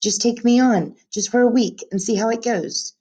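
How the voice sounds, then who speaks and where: A woman's voice: fairly high pitch, moderate pace, dark tone, voice pushed up, lightly acted. A woman voicing an eager, pushy 12-year-old girl. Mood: pleading. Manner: eager, pleading. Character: persistent, cheerful twelve-year-old girl. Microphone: webcam.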